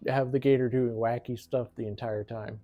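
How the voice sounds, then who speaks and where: A man's voice: mid-range voice, fairly even intonation, normal speed, no room sound, lo-fi sound, soft background music. A man casually recapping a movie, giggling often and filling his talk with "like". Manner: giggly, rambling, says "like" a lot. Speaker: movie reviewer.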